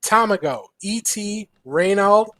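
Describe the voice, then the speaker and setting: A man co-hosting a live fighting-game show on a convention floor, giving measured predictions. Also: high-pitched, animated, fairly bright tone, no echo. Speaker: co-host. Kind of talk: live event commentary, making predictions. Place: large indoor convention hall floor.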